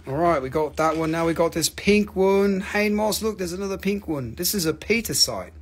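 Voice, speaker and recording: A fairly high-voiced man runs a live crystal sale. He jokes and teases his viewers, swears casually, and rattles off prices between the gags. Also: lively intonation, moderate pace, slight background noise. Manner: joking, teasing, swears casually. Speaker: live-stream crystal seller. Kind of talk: joking live sales stream.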